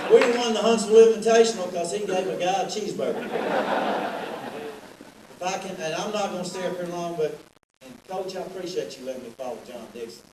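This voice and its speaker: A middle-aged man tells rambling, joking stories in a roast speech. His voice sits a little high. He is captured from far off in an echoey banquet hall with steady room noise. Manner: joking storyteller, rambling anecdotes. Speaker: athletic director. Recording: echoey hall, distant and noisy.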